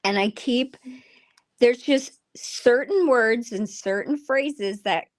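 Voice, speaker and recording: A middle-aged woman with a Minnesotan accent, chatting casually as a voice actor on a video call, chatty and quick to laugh. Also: fairly high pitch. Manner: chatty, laughs often, puts on voices when quoting. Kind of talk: casual chat.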